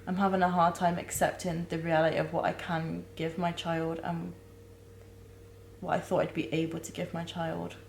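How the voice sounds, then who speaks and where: Brief: young woman, lowish voice, halting and near tears, in an echoey room with a faint hum. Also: completely flat delivery, vocal fry. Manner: halting, searching for words, many fillers and restarts. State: close to tears. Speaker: vlogger. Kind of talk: candid personal vlog.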